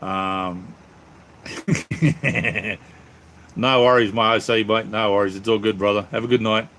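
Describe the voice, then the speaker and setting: A man's voice: lowish voice, fairly even intonation, takes it slowly, fairly bright tone, a little hiss or hum. Rambling Australian man chatting with viewers. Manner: rambling, friendly, calls viewers mate and brother. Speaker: channel host reading live chat. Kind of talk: casual live-stream chat.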